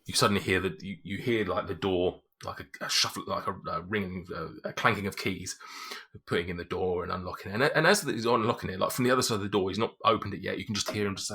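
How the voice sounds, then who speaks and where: A man's voice: low-pitched, quick pace, sharp tone, breathy edge. A man narrating as game master of a tabletop game, rambling, with many fillers. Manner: rambling, full of 'like' and 'um'.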